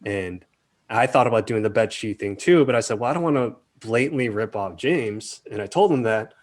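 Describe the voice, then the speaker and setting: Chatty man telling lively anecdotes. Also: on the low side, brisk. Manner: animated storyteller, acts out quotes. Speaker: film director, interview guest. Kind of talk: casual interview talk.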